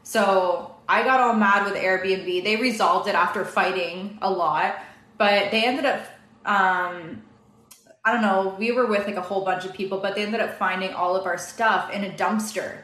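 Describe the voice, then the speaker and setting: A young woman tells a personal story as a guest, in a lively, fast, casual way. Her voice sits in the middle of the range. The room around her rings with a clear echo. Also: mid-range voice. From Canada. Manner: fast, animated, many "like" fillers. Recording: echoey room.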